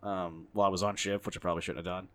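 A man's voice: low-pitched, level tone, rapid-fire, fairly bright tone. A man hosting a podcast, chatting casually in a profane, rambling, jokey way. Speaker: podcast host. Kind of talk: casual chat.

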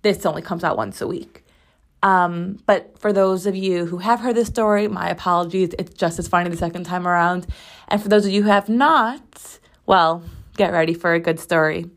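A young woman hosting a weekly show, telling a story in a casual, animated and sarcastic way, full of rambling asides. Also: fairly low pitch, normal speed. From United States. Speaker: podcast host.

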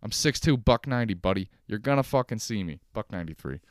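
A man's voice: on the low side, expressive, fast, clean tone, dry recording, clean studio sound. A young man hosting a solo comedic podcast from his couch, ranting sarcastically and swearing often. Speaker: podcast host. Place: at home on a couch.

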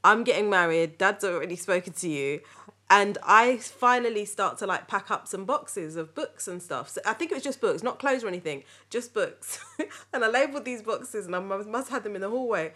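A woman hosting a podcast, telling family stories in a lively, laughing way. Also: medium pitch, moderate pace. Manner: lively, laughing, animated retelling. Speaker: podcast host. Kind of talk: casual storytelling chat.

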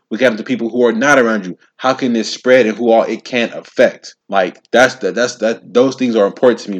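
This young man in his twenties, medium-pitched, runs his own laid-back podcast. He speaks straight to listeners in a lively, slang-filled way and tends to repeat himself.

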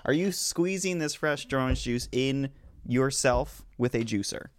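A man's voice: medium pitch, a little slow, slight background noise. A man co-hosting a casual chat, explaining facts and teasing the others. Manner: explains things in a teasing, matter-of-fact way.

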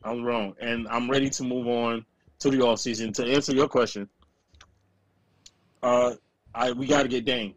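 A man co-hosting a casual sports podcast, ranting and self-mocking in animated bursts. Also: mid-range voice, normal speed, pauses often, no room sound. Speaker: podcast co-host.

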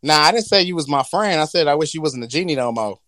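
Animated, profane man in casual chat. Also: a little high, fast, no room sound.

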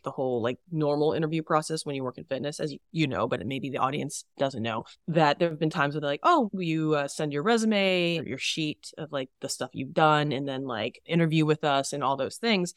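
A woman talking casually as a podcast guest, animated, laughing often and acting out her own inner thoughts. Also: low voice, no room sound, clean studio sound. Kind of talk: casual conversation.

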